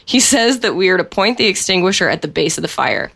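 Lowish woman reading aloud wryly. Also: sing-song, quick pace, gravelly, fairly bright tone. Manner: laughs often while reading, wry. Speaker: co-host reading a story aloud. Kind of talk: reading a written story aloud.

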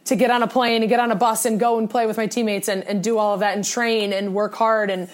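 A woman's voice: medium pitch, little pitch movement, quick pace. A young woman co-hosting a sports podcast, talking in an earnest, rambling way with many restarts. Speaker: podcast co-host. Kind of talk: casual sports podcast talk.

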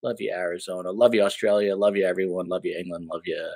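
A man's voice: sits low, flat delivery, fast, darkish tone, no room sound. A man hosting a podcast, upbeat and chatty, hyping his guest and audience. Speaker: podcast host. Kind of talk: casual interview hosting.

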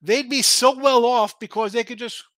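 A man runs a casual sports betting stream, answering his chat in an excitable, rambling way that often winds itself up. His voice sits high and comes across bright and forward. The sound is dry and close, with no room around it. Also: normal speed, no echo. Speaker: sports betting show host. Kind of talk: casual live-stream chat reading viewer comments.

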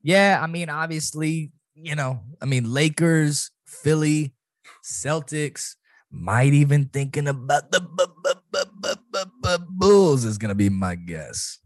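A man co-hosting a casual sports podcast, talking in loud, swaggering banter full of slang. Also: fairly high pitch, lively intonation, takes it slowly, dry recording, clean studio sound. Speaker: podcast co-host.

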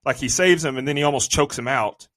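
A man's voice: mid-range voice, quick pace, a bit bright, no echo. Male podcast co-host, mid-range voice, profane exasperated ranting, dry close mic. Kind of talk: casual movie review chat.

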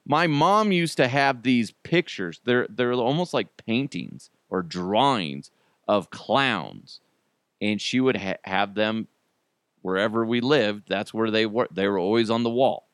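A man's voice: lowish voice, lively intonation, a little slow, clean tone, no room sound, clean studio sound. A man hosting a casual solo podcast, chatty and self-deprecating, laughing often as he talks. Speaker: podcast host.

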